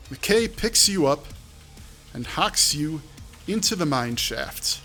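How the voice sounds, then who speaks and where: A man's voice: fairly high pitch, very animated, slow pace, pushed and bright, soft background music. A man streaming live, reading out a text adventure and breaking off with offhand asides. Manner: reads aloud with offhand asides. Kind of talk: live-streamed game narration.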